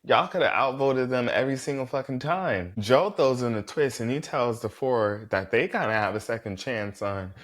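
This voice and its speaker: A man casually recapping a reality show episode, blunt and profane, with lots of "like" fillers and animated reactions. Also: mid-range voice, moderate pace, few pauses.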